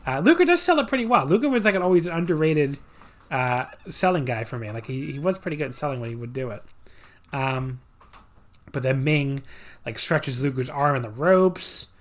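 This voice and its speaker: A man's voice: fairly high pitch, animated, normal speed. A man co-hosting a podcast, casually recapping a wrestling match with dry sarcasm and many fillers.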